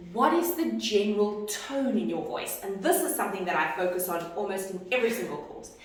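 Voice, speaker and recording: A woman's voice: mid-range voice, recorded from a distance. A woman fitness instructor teaching an online course, talking expressively and acting out how she greets clients. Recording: echoey room, voice off-mic.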